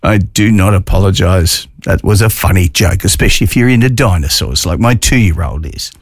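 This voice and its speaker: An Australian man hosts a talk radio show, chatting easily and cracking corny jokes. His voice sits low, and the studio sound is dry and close. He rambles through the segment in a relaxed, friendly way. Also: moderate pace, husky, dry recording. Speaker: radio host. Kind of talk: casual talk radio chat.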